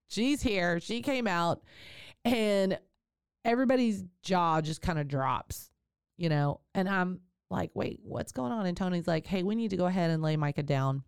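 A woman podcast host candidly telling a personal story, animated and laughing often. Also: fairly low pitch, a little slow, clean tone, dry recording, clean studio sound.

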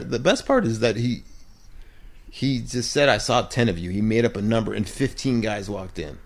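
A middle-aged man tells a story in casual conversation. His voice sits a bit low, but he keeps it moving as he slips into the voices of the people in his tale. The delivery is loose and chatty, like a locker-room anecdote on a podcast. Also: moderate pace. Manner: animated anecdote teller who acts out quoted voices. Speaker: podcast co-host, former baseball player.

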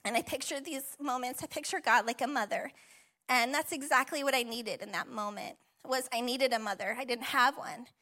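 A woman pastor sharing her own story from the pulpit in a bright, ringing voice that sits a little high. She speaks conversationally with fillers and little laughs, and is tender and close to tears. She gently encourages the listeners who are hurting. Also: moderate pace. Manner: emotional, tearful at times, warm and encouraging. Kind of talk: personal testimony sermon. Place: church auditorium.

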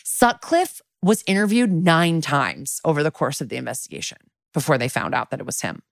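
A woman's voice: low-pitched, animated, a little fast, gravelly, no echo, studio quality. A woman co-hosting a true-crime podcast, chatting casually, swearing freely and using lots of filler words. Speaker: podcast co-host.

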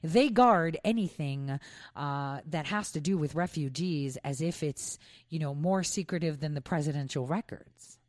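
A woman's voice: low voice, a little slow, a little mellow, no room sound, studio quality. A middle-aged woman from New York hosting an opinionated commentary monologue, conversational and pointed with frequent asides. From New York, United States. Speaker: commentary host.

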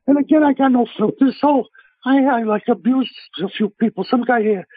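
A middle-aged man, a chef telling blunt, animated stories in a phone interview. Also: extremely high pitch, a little fast, slightly rough, no room sound. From United States. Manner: brash, blunt, animated storyteller. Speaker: celebrity chef, interview guest. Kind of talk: casual phone interview storytelling. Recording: tinny phone line.

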